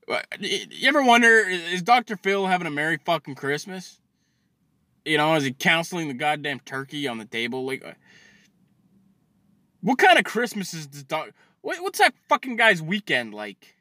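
A man ranting comedically, swearing constantly and stammering through restarts, swinging between loud outbursts and low mutters. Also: very animated, moderate pace, dry recording, clean studio sound. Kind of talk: profane comedic rant.

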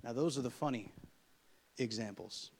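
A man preaching a sermon with humor, swinging from loud emphatic passages to quiet asides and acting out couples' quarrels. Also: mid-range voice, moderate pace, a little hiss or hum. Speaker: pastor. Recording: long hall reverb.

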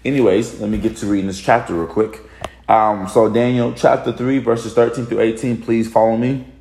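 A man leading a casual morning Bible study, chatty and loose, often stumbling over his words and bursting into excited exclamations. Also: on the low side, moderate pace, vocal fry, echoey room, a little hiss or hum. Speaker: devotional leader.

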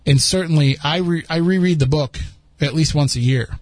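This podcast host is a man with a fairly high voice, speaking at a moderate pace with no echo. He chats casually, rambling and frequently restarting his sentences.

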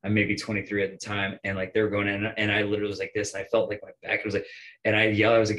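Man, deep voice, casual storyteller, animated, swears. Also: very fast, a little hiss or hum, low-quality recording. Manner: animated, swearing, quotes himself in raised voice. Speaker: bartender guest.

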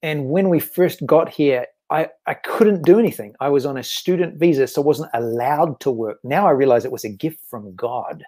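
A man's voice: medium pitch, normal speed, few pauses, dark tone. A man, a guest author speaking earnestly and reflectively about faith in a casual interview. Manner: earnest and reflective, with frequent restarts.

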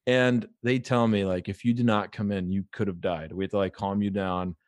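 A man's voice: lowish voice, steady tone, normal speed, dry recording, clean studio sound. A young man in his twenties telling a story in casual chat, swearing freely, laughing mid-story and acting out what people said.

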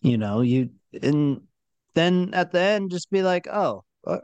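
A man's voice: high-pitched, expressive, measured pace, a little mellow, clear, resonant tone, dry recording, lo-fi sound. Thoughtful man, dry close sound. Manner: thoughtful, repeats words as he builds his point. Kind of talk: casual chat.

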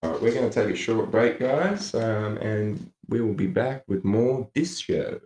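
A man's voice: on the low side, unhurried, noisy background. A man co-hosting a podcast in loose, jokey casual chat with plenty of swearing. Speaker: podcast co-host. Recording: echoey room.

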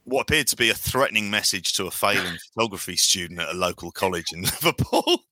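A man's voice: sits low, animated, fast talker, pushed and bright, no echo. A man co-hosting a casual chat podcast, joking and teasing playfully. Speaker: podcast co-host. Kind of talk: casual banter.

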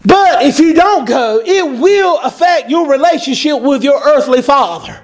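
A man preaching a sermon, emphatic and animated, repeating his key phrases. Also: very high-pitched, measured pace. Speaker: pastor.

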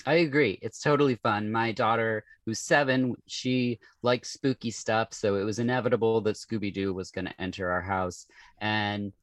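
Man telling animated parent stories. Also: fairly low pitch, moderate pace, no room sound. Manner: animated storyteller, laughs. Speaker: podcast guest. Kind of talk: casual chat about movies.

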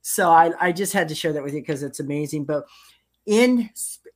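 A woman's voice: low voice, normal speed. An older woman hosting a casual interview, telling a story and laughing at her own jokes. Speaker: host.

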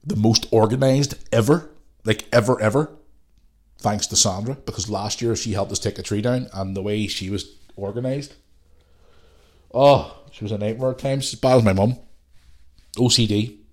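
Guy with a cold, kinda low voice, ranting and swearing on his podcast. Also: fairly even intonation, moderate pace. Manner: ranting, sweary, loose and rambling. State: has a cold. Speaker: podcast host. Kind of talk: casual solo podcast rant.

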